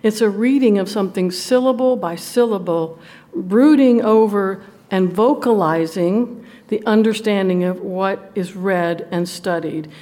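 A woman with a Southern US drawl leads a Bible study at an unhurried pace. She is folksy and playful, and she draws out scripture slowly for her group. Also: mid-range voice, mellow. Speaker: women's Bible study teacher. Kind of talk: Bible teaching to a live group.

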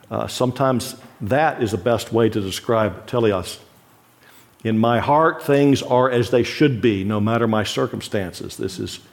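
A man's voice: medium pitch, gravelly, darkish tone. A middle-aged male pastor teaching a sermon in a conversational way, asking the listeners frequent questions and laughing lightly.

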